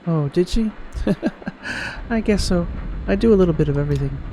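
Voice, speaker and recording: A man voicing a shy young woman who produces at a small TV station, awkward and self-deprecating, in a strained falsetto attempt at a female voice. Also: expressive, normal speed, warm tone, slight background noise, rough recording. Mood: modest.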